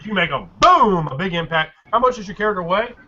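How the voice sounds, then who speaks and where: Bright-voiced man running a tabletop game. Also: high-pitched, lively intonation. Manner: halting, many fillers and restarts while describing scenes. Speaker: game master. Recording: dull lo-fi recording, faint noise.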